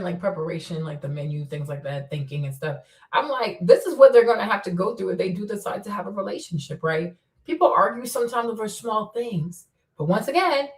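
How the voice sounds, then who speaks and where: A woman hosting a casual livestream, rambling and animated, tagging her points with "right?" as she talks. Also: a little high, far from the mic. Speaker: livestream host.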